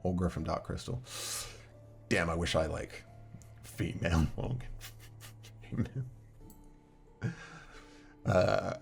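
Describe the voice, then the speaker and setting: A man with a deep, gravelly voice runs a solo tabletop adventure, reading passages aloud and bantering with chat. His talk stays casual and chatty. Soft music plays faintly behind him. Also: slow, pauses often. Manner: chatty, reads game text aloud, talks to chat. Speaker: game master.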